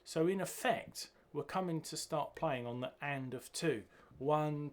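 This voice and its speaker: A man teaching a bass guitar piece, counting beats and singing the rhythms aloud as he goes. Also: moderate pace, few pauses. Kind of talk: music lesson walkthrough. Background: bass guitar playing.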